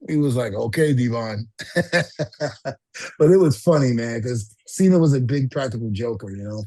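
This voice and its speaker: A middle-aged man tells an old backstage story in a relaxed, rambling way, leaning on fillers and acting out what others said. His voice sits in an ordinary middle pitch. The recording is dry and close, with no room sound. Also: moderate pace, no echo. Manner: animated storyteller acting out quotes, frequent fillers. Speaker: podcast co-host, retired wrestler. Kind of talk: casual storytelling.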